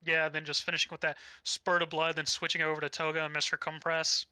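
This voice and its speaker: A man's voice: fairly high pitch, monotone, fast talker, bright, forceful tone, smooth, dry recording, low-quality recording. A young man co-hosting a podcast, rambling through a casual anime recap with easy swearing. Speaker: podcast co-host.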